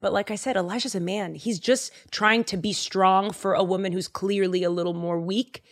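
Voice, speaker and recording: A woman's voice: mid-range voice, steady tone, moderate pace. A woman hosting a podcast, retelling Bible stories in a casual, slangy, chatty way. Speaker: podcast host.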